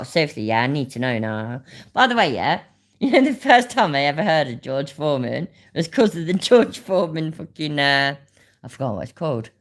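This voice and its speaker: A woman giving casual, sweary reaction commentary while reading her chat. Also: extremely low pitch. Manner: swears a lot, laughs, talks to the chat. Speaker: commentary streamer.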